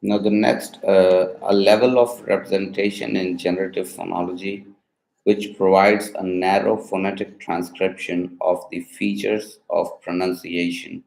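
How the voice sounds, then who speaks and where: A man reading out phonetics quiz questions, pausing hesitantly as he asks for explanations. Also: low voice, flat delivery, creaky, darkish tone, roomy sound, low-quality recording. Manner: hesitant, with filler pauses. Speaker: instructor posing exam questions.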